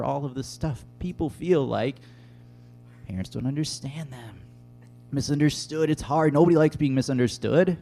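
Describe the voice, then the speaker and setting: A man's voice: medium pitch, moderate pace, gravelly, dark tone, soft background music. A man preaching a casual, conversational sermon to a room, with frequent fillers. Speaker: pastor. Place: room with tables and an audience.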